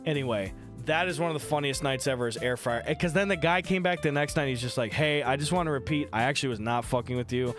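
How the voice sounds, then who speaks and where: A young man streaming from home into a desk microphone, telling a story in a casual, animated way, swearing often and acting out what others said. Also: medium pitch, fast, hardly any pauses, over music.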